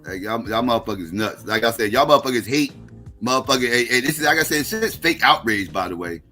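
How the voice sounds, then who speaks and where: A man's voice: medium pitch, expressive, fast, pushed and bright, soft background music. A middle-aged American man hosting a livestream, ranting in a heated, profane, combative way. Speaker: livestream host.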